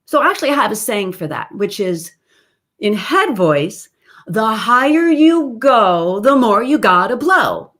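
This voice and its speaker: A middle-aged woman leads a singing lesson as a voice teacher. Her voice is bright and sharp, and her pitch moves widely as she explains. She talks unhurriedly and now and then drops into sung demonstrations. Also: a little slow. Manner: animated, demonstrates with sung and belted examples.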